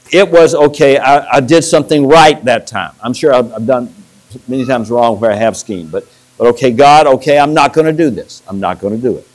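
A man's voice: medium pitch, low-quality recording. Man preaching a storytelling sermon. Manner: storytelling with restarts and acted-out quotes. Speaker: pastor.

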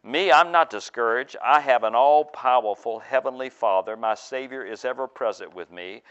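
A man's voice: mid-range voice, normal speed, a bit bright, clear, resonant tone, muffled recording, lightly acted. A man reading a defiant faithful Christian.

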